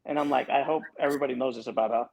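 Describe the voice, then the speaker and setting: A man co-hosting a casual podcast who teases his co-host and asks quick questions. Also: mid-range voice, steady tone, gravelly, darkish tone, slight background noise, poor audio. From New York. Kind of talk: casual chat.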